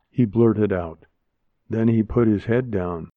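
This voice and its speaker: A man narrating a story aloud in a slow, plain manner. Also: fairly low pitch, steady tone, dry recording. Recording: dry, tinny phone-like sound.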